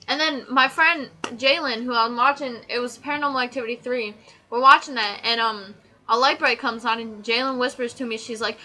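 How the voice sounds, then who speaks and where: A woman's voice: high-pitched, normal speed, pushed and bright, poor audio. A teenage girl vlogging a casual, sarcastic rant about her pet peeves. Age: teens. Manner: chatty, exasperated, sarcastic. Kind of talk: casual ranting list.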